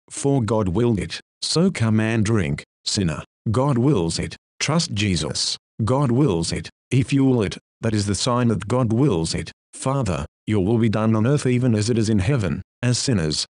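A man's voice: mid-range voice, a little mellow, no echo, studio quality. A man preaching a sermon in an earnest, pleading way, with old-fashioned formal phrasing. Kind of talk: sermon reading.

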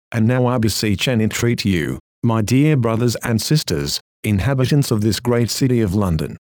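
A man's voice: on the low side, darkish tone, dry recording, studio quality. A man reading an old sermon aloud as a preacher, earnest and exhorting.

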